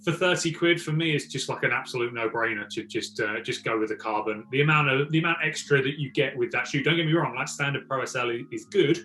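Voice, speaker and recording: A man from England chatting as a guest about golf shoes, relaxed and enthusiastic. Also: mid-range voice, fast talker, hardly any pauses, slight background noise. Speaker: guest golf fashion reviewer. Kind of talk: casual chat. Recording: echoey room.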